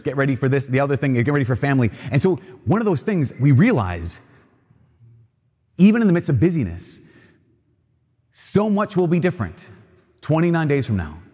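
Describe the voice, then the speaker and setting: A priest gives a homily at Mass in a cathedral, his slightly high, somewhat mellow, husky voice earnest and conversational. He often repeats himself while building a point, and the recording carries the long reverb of a large church.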